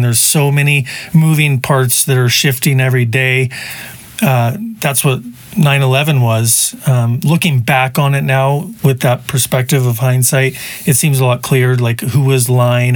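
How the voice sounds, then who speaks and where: A man's voice: medium pitch, dry recording. A man hosting a podcast, talking in a rambling, conversational monologue with asides. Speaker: podcast host. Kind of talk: casual opinion monologue.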